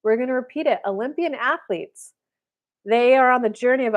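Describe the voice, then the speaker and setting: A woman's voice: sits high, a little fast, highs cut off. A woman hosting a casual spiritual livestream, giving readings and acting out the voices of people she describes. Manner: animated, acts out quoted voices.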